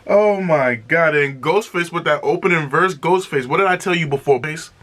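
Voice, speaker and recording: Man, reaction host, excitable, casual commentary, bright forceful voice, slightly high pitch. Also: brisk. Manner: excitable, exclamatory, repeats himself.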